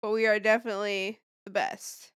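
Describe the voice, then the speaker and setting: A woman's voice: medium pitch, level tone, moderate pace, a bit bright, smooth, dry recording, clean studio sound. Blunt, foul-mouthed woman podcaster. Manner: blunt, swears a lot, self-deprecating. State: tired, yawning. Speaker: podcast co-host. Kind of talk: casual late-night podcast chat. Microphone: podcast microphone.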